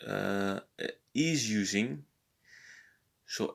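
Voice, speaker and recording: A man talking through a language exercise, thinking aloud in a hesitant way and slowly sounding out foreign words. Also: on the low side. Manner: hesitant, thinking aloud with many pauses and repeats. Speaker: language lesson vlogger working through exercises. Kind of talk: casual think-aloud tutorial.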